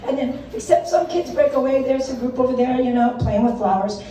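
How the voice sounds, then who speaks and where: A woman's voice: high voice, lively intonation, a little fast, warm tone. Older woman comic, self-deprecating, very echoey stage from afar. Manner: self-deprecating, laughing through her jokes. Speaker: stand-up comedian. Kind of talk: stand-up comedy set. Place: stage in a room. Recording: echoey room, mic far off.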